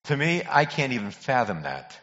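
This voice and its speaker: Folksy older preacher in a reverberant church. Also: male voice, medium pitch, sing-song, moderate pace, fairly bright tone. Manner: folksy joke-telling preacher who calls out to congregation members. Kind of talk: sermon. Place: church sanctuary. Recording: dull recording in a reverberant hall.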